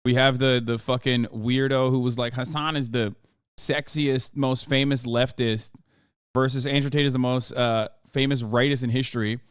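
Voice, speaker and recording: A man's voice: medium pitch, little pitch movement, moderate pace, clear, resonant tone, dry recording, studio quality. An American man in his thirties, a streamer ranting through livestream commentary, swearing constantly and exasperated.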